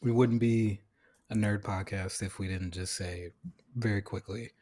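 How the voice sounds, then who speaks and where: A man's voice: on the low side, fairly even intonation, a little slow, mellow. A man hosting a podcast in casual chat, chatty and rambling, with lots of "you know" and restarts. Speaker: podcast host.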